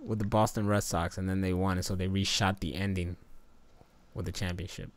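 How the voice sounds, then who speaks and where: Man, casual chat, laughs easily, trails off softly, dry sound. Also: deep voice, little pitch movement, a little fast, no echo.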